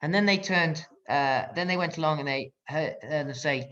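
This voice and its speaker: A man's voice: on the high side, fast talker, a bit bright. A British man in his fifties, a former pilot giving a motivational talk online, emphatic and telling his story with acted-out quotes. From Britain. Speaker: guest speaker, former pilot. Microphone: video call. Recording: dull lo-fi video-call audio.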